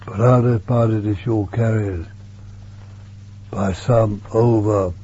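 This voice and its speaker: Slow mellow-voiced male preacher. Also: lowish voice, steady tone, slightly rough. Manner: earnest, repeats words, sometimes drops to a hush. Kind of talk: sermon. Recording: dull lo-fi recording with faint hum.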